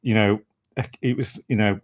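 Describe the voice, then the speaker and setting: A man with a fairly low voice conducts an interview. He talks earnestly and haltingly, circling back with "you know" and restarts as he tells his story. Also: fairly even intonation. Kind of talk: conversational interview.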